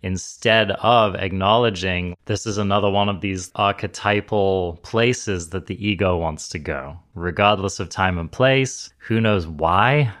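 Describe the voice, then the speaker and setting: A man with a notably deep voice hosts a conversational interview. He sounds thoughtful and appreciative, picking out points and reflecting them back to his guest. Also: a little slow, hardly any pauses, a bit bright. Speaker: podcast host.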